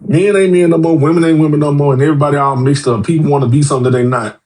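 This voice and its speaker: A man's voice: on the high side, racing. A man, a podcast guest, talking bluntly and profanely in casual chat and acting out the voices of people in his stories. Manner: blunt, profane, animated storytelling; acts out quoted voices.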